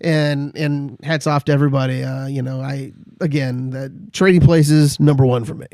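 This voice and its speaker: A man's voice: medium pitch, fairly even intonation, warm tone, dry recording, studio quality. A middle-aged man co-hosting a casual movie chat, stumbling through restarts and acting out favorite scenes. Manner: halting, many restarts, acts out movie lines. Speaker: podcast co-host.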